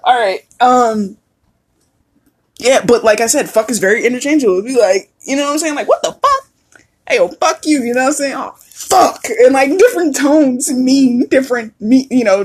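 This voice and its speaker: Breathy woman chatting on her podcast. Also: a little high, a little mellow. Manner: chatty, laughs a lot, swears freely. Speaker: podcast host. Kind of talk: casual solo podcast chat.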